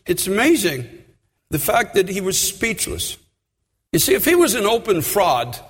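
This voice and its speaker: A man with a very high voice preaches with fervor, pressing his listeners with repeated questions and rising to shouts. His words ring out with the long reverb of a big hall. It sounds like a pulpit recording in a church. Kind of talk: sermon.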